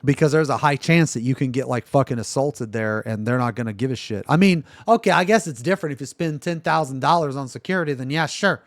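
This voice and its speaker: A man streaming live, ranting in a profane, exasperated way that swings from loud outbursts to low muttering. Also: quick pace, few pauses, dry recording, studio quality. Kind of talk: livestream reaction rant.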